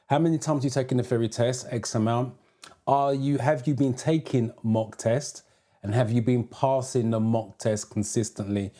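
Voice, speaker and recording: Dark-voiced British man hosting a live stream. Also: medium pitch. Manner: reads out viewer comments and greets them by name. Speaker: driving theory instructor.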